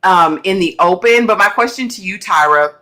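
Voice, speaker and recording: A woman co-hosting a TV review show in casual chat, animated and exclamatory. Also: lowish voice, moderate pace. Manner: animated and exclamatory, acts out characters' lines.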